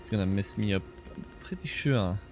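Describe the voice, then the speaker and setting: A man's voice: lowish voice, fairly quick, over music. A man streaming a video game, chatting casually with viewers, reading their comments and laughing often. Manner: chatty, laughs often, reads chat aloud.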